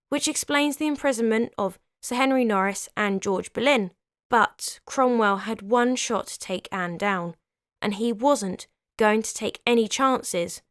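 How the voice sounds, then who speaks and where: A woman's voice: on the high side, smooth, dry recording, studio quality. A young woman hosts a history channel, narrating a script and breaking off for wry, opinionated asides. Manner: lively, opinionated storyteller who adds wry comments.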